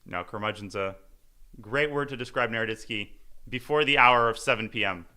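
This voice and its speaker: Bright-voiced playful male chess commentator. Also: lowish voice, clear, resonant tone. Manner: playful, rambling, quick jokes. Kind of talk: casual live commentary.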